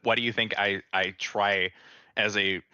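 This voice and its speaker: A man's voice: lowish voice, measured pace, clean tone, no echo, dull audio. A man from Texas with a neutral American accent, co-hosting a casual podcast, curious and prone to restarts. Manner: animated, curious, with stumbling restarts and swearing. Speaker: podcast co-host. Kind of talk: casual anime recap chat.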